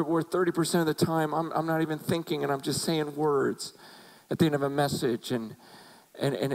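A middle-aged male pastor gives a personal testimony sermon, earnest and confessional, that builds to emotional intensity. His voice is on the high side, and the audio is poor.

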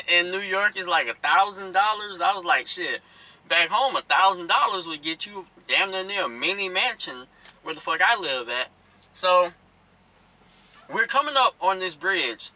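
Profane, animated trucker recounting a road story, high and very bright voice. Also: male voice, low-quality recording. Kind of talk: casual storytelling.

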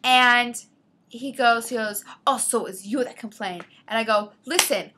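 A woman's voice: a little high, unhurried. A woman co-hosting a casual podcast, telling a story and acting out the quoted lines in shifting voices. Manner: animated, acts out quotes with shifting voice. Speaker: podcast co-host.

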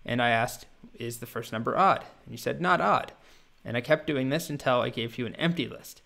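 A man's voice: mid-range voice, brisk, vocal fry, pushed and bright. Earnest clever village boy done by a guy, eager, walks through his logic step by step. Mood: explaining.

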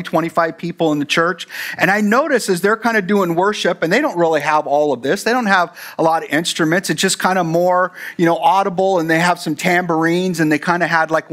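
A man's voice: fairly high pitch, a bit bright. A man preaching a sermon as pastor, talking conversationally with rambling fillers and asides. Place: church.

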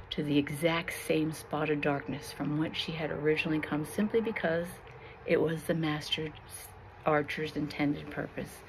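A woman reading a Christian allegory aloud in a slow, expressive and dramatic way. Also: deep voice, slight background noise, low-quality recording. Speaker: storyteller.

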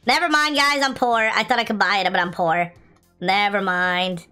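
A young woman narrates her gameplay casually, hoping aloud for good loot, complaining, then cheering with delight. Her medium-pitched voice is clear and resonant at a normal speed, with light music in the background.

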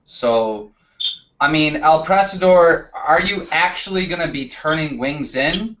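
A man's voice: a little high, expressive, a little slow, a bit bright, low-quality recording. A man hosting a live show, moderating a call-in dispute with hesitant fillers. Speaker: host.

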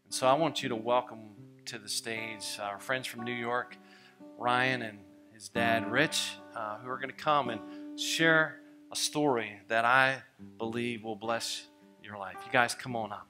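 A man's voice: medium pitch, fairly even intonation, measured pace, over music. A man, a pastor, casually introducing guests from a church stage.

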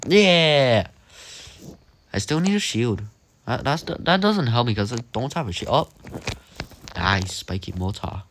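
A man's voice: mid-range voice, unhurried, long pauses, a little hiss or hum. A young man giving casual, jokey commentary while he plays a game, talking to himself as he goes. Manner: animated, jokey, talks to himself while playing. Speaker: gaming commentator.

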